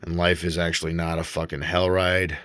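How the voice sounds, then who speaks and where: A man's voice: deep voice, level tone, a little fast, fairly bright tone, a little hiss or hum. A man rambling and ranting in a personal vlog, swearing often and breaking off his own sentences. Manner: rambling, profane, self-interrupting. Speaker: vlogger.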